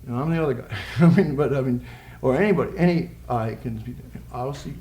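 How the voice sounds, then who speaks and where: A man's voice: mid-range voice, quick pace, warm tone. A man giving a live poetry reading with playful, rambling asides, chuckling between lines. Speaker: poet. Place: college social room with audience. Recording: echoey live room recording.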